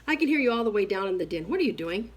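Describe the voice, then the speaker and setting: A woman's voice: medium pitch, sing-song, very fast. A woman reading aloud, voicing a stern middle-aged father with curt, demanding questions. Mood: irritated.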